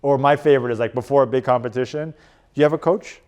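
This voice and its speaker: A man coaching a live audience in a casual, animated presentation. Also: medium pitch, fast talker, clear, resonant tone. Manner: casual and animated, lots of "like" and "right?". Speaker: strength and performance coach. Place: conference room.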